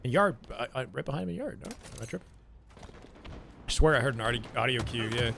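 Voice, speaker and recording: A man's voice: medium pitch, animated, fast talker, creaky, pauses often, background noise. Canadian man chatting on a gaming stream. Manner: loose and chatty, reacting to chat and gameplay. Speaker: livestreamer. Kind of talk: casual stream chat and game commentary.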